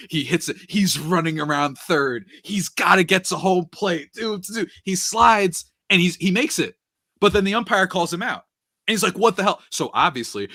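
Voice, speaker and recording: Animated, bright-toned man retelling a movie. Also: a little high, dry recording, studio quality. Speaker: podcast speaker. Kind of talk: casual chat.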